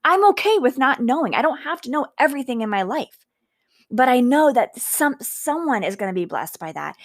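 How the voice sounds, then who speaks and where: Earnest woman sharing a heartfelt reflection. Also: on the high side. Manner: earnest, heartfelt, faith-filled, slows for emphasis. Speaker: podcast host. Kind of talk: personal reflective monologue.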